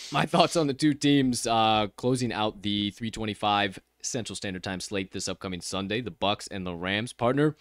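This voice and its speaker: A man's voice: fairly low pitch, no echo. A man co-hosting a casual sports betting chat, joking and swearing freely as he gives his picks. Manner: joking, profane, playful drawl. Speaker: podcast co-host.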